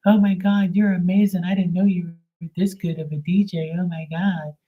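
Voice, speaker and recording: A gushing, drunk young woman squeals in a breathy, high voice, as a man with a husky voice puts her on. She sounds giddy and airy throughout. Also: little pitch movement, moderate pace, narrow, tinny audio.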